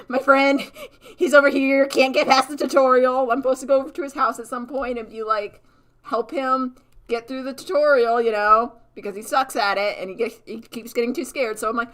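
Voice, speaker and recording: A woman's voice: high voice, normal speed, rough recording. A young woman streaming while she draws, chatting casually and telling stories with lots of laughter and mock voices. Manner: giggly, animated storytelling with frequent laughter and mock voices. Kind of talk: casual livestream chat while drawing.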